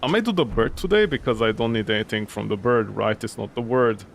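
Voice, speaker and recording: A man's voice: on the low side, a little fast, vocal fry, slight background noise. A young man streaming a game, rambling and ranting in exasperation, swearing often and sounding weary. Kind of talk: casual gameplay commentary.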